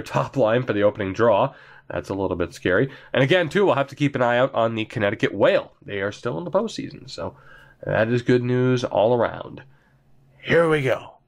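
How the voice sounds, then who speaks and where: A man commentating his own hockey video game play, chatty and excitable, laughing often, while getting over being sick. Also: mid-range voice. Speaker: gaming commentator.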